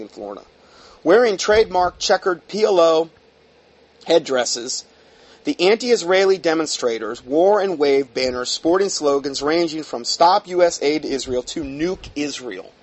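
A man with a fairly high, breathy-edged voice reads a news article aloud, then breaks off into heated, sarcastic asides. He mocks what he reads, and his speech is full of fillers and restarts.

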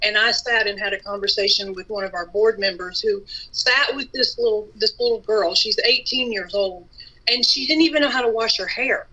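An earnest woman guest sharing her ministry work in a relaxed conversational way. Her voice is bright, and the recording sounds dull and lo-fi. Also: mid-range voice, normal speed, slightly rough. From Atlanta, USA. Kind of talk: interview testimony.

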